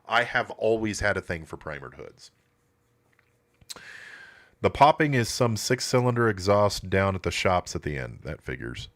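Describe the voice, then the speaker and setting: A man's voice: low-pitched, very animated, normal speed, long pauses, a bit bright. Blunt, swearing man in a garage. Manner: blunt and profane, laid-back shop talk. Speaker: host of a classic car livestream. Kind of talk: casual live commentary. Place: auto repair shop.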